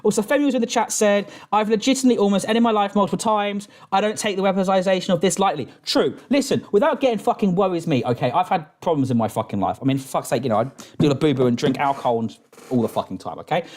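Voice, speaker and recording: A man ranting at a video on a live stream, his fairly high voice swinging widely in pitch. He swears constantly and keeps restarting his sentences as he drinks. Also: expressive, fast talker. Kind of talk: profane reaction rant.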